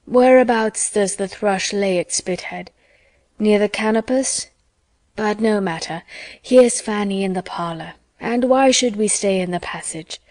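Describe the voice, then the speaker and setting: Woman doing a keen young sailor from a storybook, brisk and affectionate. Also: mid-range voice, darkish tone, no echo, lightly acted. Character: eager young naval officer son.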